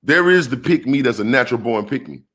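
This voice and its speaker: A man giving an animated monologue on relationships, calling out to his viewers like a preacher and asking rhetorical questions. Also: medium pitch, normal speed. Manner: preacher-like call-outs to the audience. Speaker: relationship commentator.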